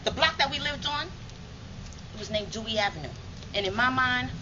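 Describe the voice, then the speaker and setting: A woman's voice: fairly high pitch, brisk, dull audio, background noise. A woman from New York performing a dramatic spoken monologue in a rhythmic, emphatic, streetwise way.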